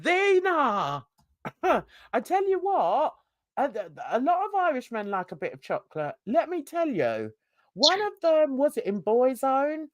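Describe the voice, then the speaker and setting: A woman's voice: high voice, wildly swooping pitch, measured pace, darkish tone, no room sound. Chatty laughing woman on a livestream. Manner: chatty, laughs often, asides to viewers. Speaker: livestream co-host. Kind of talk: casual livestream chat.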